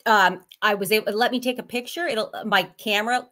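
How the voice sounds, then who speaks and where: A woman on a casual podcast panel, telling a story in a rambling, halting way, with many restarts and laughs. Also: medium pitch, a bit bright. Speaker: panel guest.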